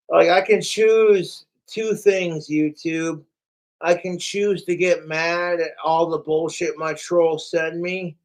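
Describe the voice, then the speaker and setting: A man's voice: high voice, low-quality recording. A young man ranting profanely and rambling on a casual livestream, talking straight to his chat.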